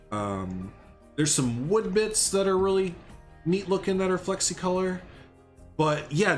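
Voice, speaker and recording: A young man rambling casually on a live game stream, chatting with viewers as he builds. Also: high voice. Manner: rambling, chatty, reads and answers chat.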